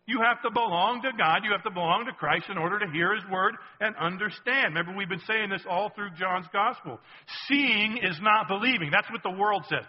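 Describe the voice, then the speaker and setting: A man's voice: high-pitched, big-room sound, dull audio. A man preaching a sermon as pastor, emphatic and repetitive, often checking in with the congregation.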